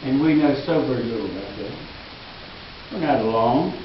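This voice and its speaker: A male pastor preaching a sermon in a church, earnest and emphatic, dropping into quiet asides. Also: medium pitch, lively intonation, normal speed, background noise. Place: church sanctuary. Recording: echoey hall, distant mic, dull lo-fi.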